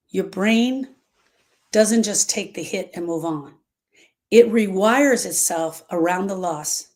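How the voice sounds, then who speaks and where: A woman with a mid-range, slightly mellow voice hosts a grief-coaching livestream. She speaks to viewers with emphatic repetition and reads their comments aloud.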